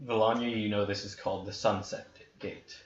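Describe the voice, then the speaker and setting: A man running a tabletop game, narrating scenes in a hushed, dramatic way. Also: on the low side, flat delivery. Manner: slow, hushed dramatic storytelling. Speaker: dungeon master. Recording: roomy, dull lo-fi with faint hiss.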